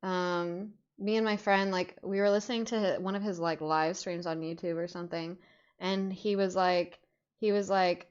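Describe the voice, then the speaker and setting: A woman's voice: lowish voice, fairly even intonation, normal speed, clean tone, muffled recording. A young adult woman telling stories in casual chat, rambling with lots of fillers and swearing freely. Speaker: podcast host.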